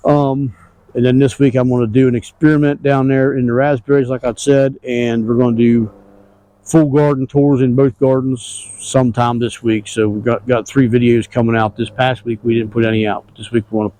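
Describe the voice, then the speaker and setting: A man strolling through his farm garden outdoors, giving a loose and easygoing weekly update. His voice is warm and mellow, and his talk is plain and rambling, in everyday country grammar. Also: mid-range voice, flat delivery, brisk, low-quality recording. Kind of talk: casual walk-through narration.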